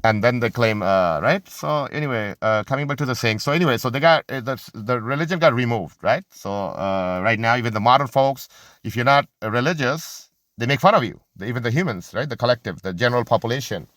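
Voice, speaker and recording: A man's animated, mid-range voice, a bit bright, comes through clean studio sound without echo. Unscripted and impassioned, he argues about religion and society, frequently pausing to find words, restarting sentences, and using fillers.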